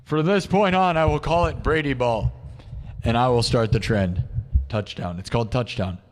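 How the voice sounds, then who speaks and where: A man's voice: medium pitch, moderate pace. A man from Iowa in his thirties with a sore throat, chatting casually and boastfully on a livestream, saying dude and bro. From Iowa, United States. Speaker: livestream music host.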